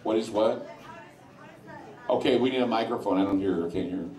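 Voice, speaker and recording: A man with a lowish, slightly mellow voice talks a little fast, bluntly addressing a bar crowd. He's a radio host giving an informal talk to a live audience in a sports lounge, opinionated and given to crude asides, heard from afar in an echoey room.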